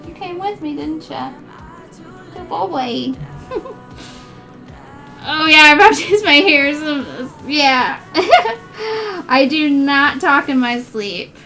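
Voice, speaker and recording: A woman's voice: high voice, slow pace, pauses often, over music. A woman streamer chatting casually while she cross-stitches. She rambles, giggles often and says "like" a lot. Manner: giggly, rambling, heavy use of "like".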